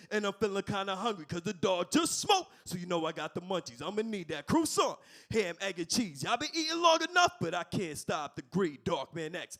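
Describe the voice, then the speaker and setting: A man doing an impression of a gruff, swaggering rapper ordering at a drive-thru, loud and rough. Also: high voice, heavily acted. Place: comedy club stage.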